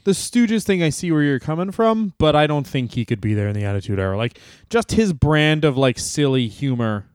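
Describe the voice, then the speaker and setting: Rambling crude comedian podcast host. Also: male voice, a little high, very animated, a little fast, clean tone, no room sound, studio quality. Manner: rambling, crude, laughs often. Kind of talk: casual comedy podcast chat.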